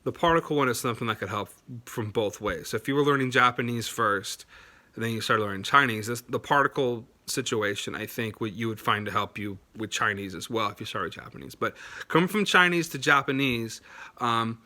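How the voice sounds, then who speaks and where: A man's voice: mid-range voice, brisk, sharp tone. A man hosting a language-learning video, explaining in a chatty, unscripted way with many fillers and restarts, sounding words out to demonstrate. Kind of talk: casual explainer to camera.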